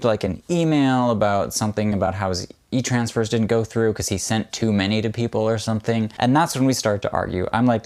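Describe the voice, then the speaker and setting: A young man vlogging a story to camera, retelling it in an exasperated, animated way and acting out what people said. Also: lowish voice. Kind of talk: storytime vlog.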